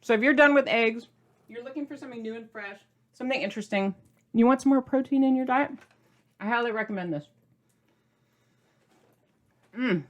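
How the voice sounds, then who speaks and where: A woman's voice: a little high, fast, muffled recording. A middle-aged woman hosting a cooking video, chatting in a gushing, bubbly way and sometimes talking while eating. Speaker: cooking channel host. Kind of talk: casual cooking demo chat.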